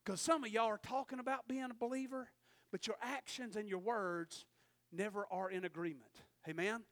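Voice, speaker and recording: A man's voice: sits high, fairly even intonation, moderate pace, fairly bright tone. A male preacher giving a fervent sermon and calling out to the congregation for amens.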